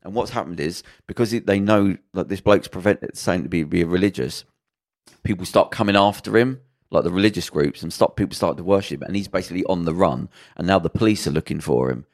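A man with a low voice rattles through a story at speed, casual and profane. He slips into the characters' lines as he goes, on a relaxed podcast chat. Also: brisk. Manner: animated storyteller acting out characters' lines, swearing freely. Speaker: podcast co-host. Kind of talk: casual chat, retelling a drama plot.

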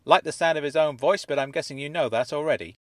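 A man's voice: fairly high pitch, quick pace, a bit bright, dry recording, pitched above the performer's own voice, lightly acted. A man playing a blunt landlord, teasing and chatty, joking about money owed. His voice sits a little above his own, close to the mic and dry.

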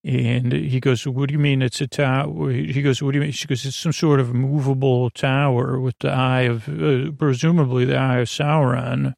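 Guy rambling through a tv recap, gravelly voice, lots of uhs, dry deadpan delivery, no room echo. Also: mid-range voice. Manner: rambling, halting, full of fillers and restarts; dry, offhand retelling of scenes with quoted lines. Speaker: podcast host. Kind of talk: comedic episode recap.

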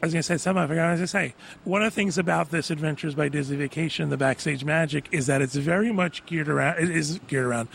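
A man hosting a podcast in a relaxed, chatty way, steering the conversation between guests. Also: a little high, rapid-fire, vocal fry, few pauses, slight background noise. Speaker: podcast host. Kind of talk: casual chat.

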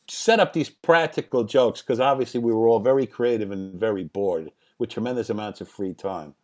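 A man in his sixties, a guest in an interview, telling anecdotes from home in a lively way, often laughing and swearing. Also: mid-range voice. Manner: animated, laughing, profane.

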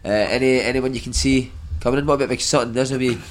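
A podcast host keeping a football chat moving, joking and firing questions at his guests. His mid-pitched voice comes through with a clear hiss behind it. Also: steady tone, fast. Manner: jokey, prompting the others with questions. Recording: background hiss.

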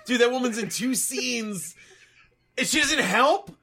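A man co-hosting a casual movie-review podcast, excitable and quick to jump in. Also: very high-pitched. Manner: excitable, talks over others. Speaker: podcast co-host.

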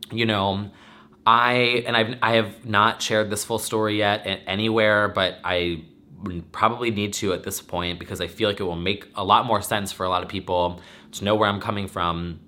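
A man's voice: lowish voice, sharp tone. A young man vlogging to camera, rambling and teary, swearing, with many restarts. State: teary, emotional. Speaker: podcaster and vlogger. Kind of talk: emotional casual talk to camera.

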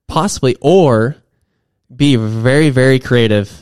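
A man's voice: mid-range voice, unhurried, darkish tone, clear, resonant tone, no echo, studio quality. A young man co-hosting a podcast, talking casually in a rambling way with many restarts. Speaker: podcast co-host. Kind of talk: casual chat.

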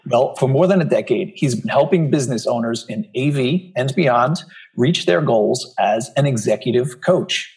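Gravelly-voiced man hosting a podcast. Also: mid-range voice, animated, normal speed, a little mellow, poor audio. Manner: friendly, reads a scripted introduction. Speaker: podcast host. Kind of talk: conversational interview.

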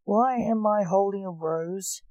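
An excitable, confused man in a chicken costume speaks with eager curiosity , as a woman voices him. His tone is mellow and slow-paced, in a dry, close storybook recording. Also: medium pitch, no echo, lightly acted, rough recording.

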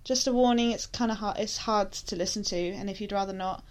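A young woman co-hosts a true-crime podcast. She reads passages aloud in a low, steady voice, and between them she slips into casual chat full of "like.". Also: a little fast. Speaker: podcast co-host.

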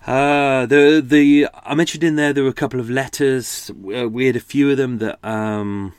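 A man with a medium-pitched, clean voice hosts a casual podcast chat, speaking in a steady tone at a moderate pace, studio quality with no echo. He reads out old letters while rambling with many fillers and asides.

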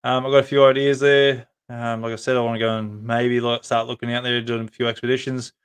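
A man with an Australian accent hosts a casual live-stream chat and talks to his viewers as he goes. His voice is smooth and clean, and he stays in a narrow, even pitch range. He rambles along with plenty of ums and false starts. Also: brisk. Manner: rambling, many ums and restarts. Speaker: podcast host.

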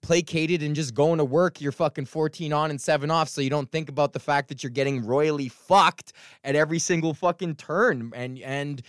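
A man's voice: on the high side, moderate pace, no room sound, studio quality. A man from Edmonton, Canada, hosting his podcast as a stand-up comic in a rambling, profane solo rant. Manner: profane, ranting, heavy swearing; rambling with restarts and fillers.

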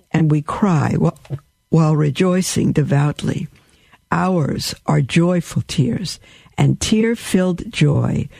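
A male radio host with a fairly high, gravelly voice reads a sacred text slowly and devoutly. His tone is dark and mellow, and he drops into casual asides to his listeners between passages. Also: dry recording. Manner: slow, devout reading broken by chatty asides to listeners. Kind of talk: reading a religious text aloud with asides.

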